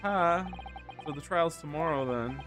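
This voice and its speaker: A man's voice: on the high side, measured pace, close to an everyday voice. A man reading the lines of an unsure young lawyer from a game, hesitant and stammering, with game music behind. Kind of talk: reading game dialogue aloud.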